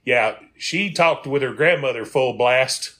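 A man's voice: medium pitch, unhurried, fairly bright tone. A man, a comedy tour guide telling folksy stories on a podcast and acting out the people in them. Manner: folksy, laughing, acts out quoted people. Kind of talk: casual podcast storytelling.

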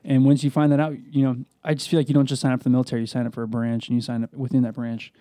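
A man's voice: medium pitch, little pitch movement, very fast, dark tone, no echo, clean studio sound. A young man co-hosting a podcast, upbeat and playful, who admits he rambles. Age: young adult. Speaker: podcast co-host. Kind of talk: casual chat.

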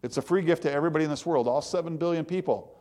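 A man's voice: on the high side, rapid-fire, darkish tone. A man giving a conversational devotional sermon in a folksy, plain-spoken way, with self-mocking asides. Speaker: preacher.

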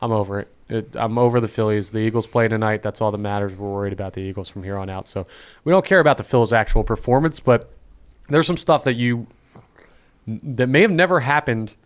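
A man's voice: lowish voice, a little fast, clear, resonant tone. A man from North Carolina with a slight Southern accent, hosting a casual sports podcast and steering the talk. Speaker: podcast host. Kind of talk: casual chat.

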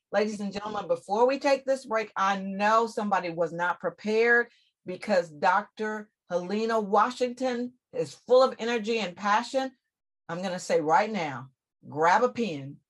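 A woman hosting an interview show, effusive and speaking straight to her listeners. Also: medium pitch. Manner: effusive, addresses listeners directly. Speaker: host. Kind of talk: radio-style interview hosting.

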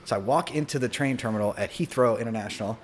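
A young man talks fast and loose in a casual podcast chat, swearing freely and slipping into the voices of people in his story. His pitch stays mid-range, and faint background noise sits under the recording. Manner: animated, swears freely, acts out quoted voices. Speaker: podcast guest.

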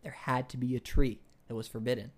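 A young man co-hosting a casual podcast, retelling a book in a rambling way with many restarts and fillers, and growing excited when he argues ideas. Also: medium pitch, fairly quick. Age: young adult. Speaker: podcast co-host.

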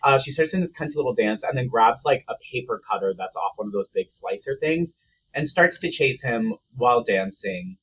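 A man's voice: medium pitch, animated, a little fast, a bit bright, breathy edge. A man co-hosting a podcast, retelling a film plot in a chatty, profane way with lots of "like". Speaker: podcast co-host. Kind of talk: casual movie recap.

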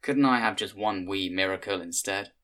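A man's voice: low-pitched, normal speed, fairly bright tone. A man voicing a spirited, weary young woman, blunt and plain-spoken. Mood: pleading. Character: young Scottish fisher-lass, spirited and weary.

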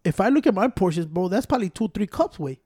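Fast-talking man. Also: high-pitched, sing-song, husky, no echo, studio quality. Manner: mixes Spanish and English, swears, gets loud and worked up. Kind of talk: casual chat.

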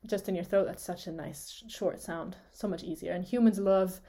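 On a podcast that mixes lesson and casual chat, a woman co-host, a native Swiss German speaker, walks through how consonants are made, demonstrating each sound and laughing a lot. Her voice is on the low side, mellow and steady at normal speed.

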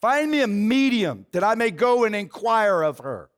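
A man's voice: sits high, sing-song, moderate pace. A man voicing a desperate, disguised king who pleads for help in a retold story. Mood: pleading. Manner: urgent, pleading.

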